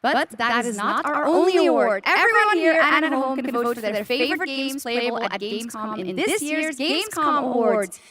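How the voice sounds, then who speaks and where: A female co-host with a high voice. She reads announcements in an upbeat presenter's manner. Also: animated, moderate pace, hardly any pauses, a crowd in the background. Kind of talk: live event hosting.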